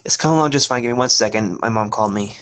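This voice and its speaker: A man joining a livestream as a guest, talking in a relaxed, offhand way. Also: lowish voice, very fast, slight background noise. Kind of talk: casual livestream chat.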